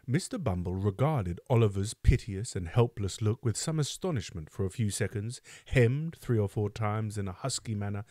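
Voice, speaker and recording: A man's voice: on the low side, lively intonation, normal speed, hardly any pauses, warm tone, dry recording, clean studio sound. A man reading a classic novel aloud for a book club, who reads steadily and stops now and then to remark on the text.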